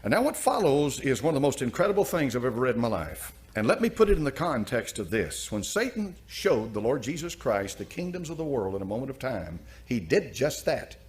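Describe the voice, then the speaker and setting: Animated preaching man, emphatic repeats. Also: mid-range voice, fairly quick, hardly any pauses. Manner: emphatic, repeats phrases for effect. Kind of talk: preaching commentary on a story.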